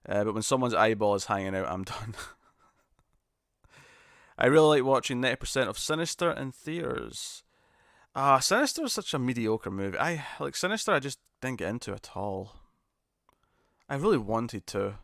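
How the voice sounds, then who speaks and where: A man hosts a live stream and reads out viewer comments in a relaxed, conversational way. He pokes fun at himself and laughs easily. His voice sits at an ordinary middle pitch, recorded close and dry. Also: no room sound. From United Kingdom. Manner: chatty, self-deprecating, laughs often. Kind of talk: casual live chat reading viewer comments.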